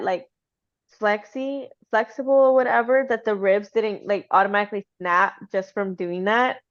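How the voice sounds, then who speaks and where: A woman hosting a casual chat, retelling a story in an animated way with many "like" fillers. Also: a little high. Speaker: host. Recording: slightly dull lo-fi sound.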